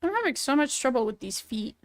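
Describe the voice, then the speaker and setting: A woman's voice: high-pitched, big pitch swings, quick pace, no room sound. A young woman streaming while she draws, chatting casually in a goofy, joking way. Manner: goofy, playful, jokey. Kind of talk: casual chat while drawing.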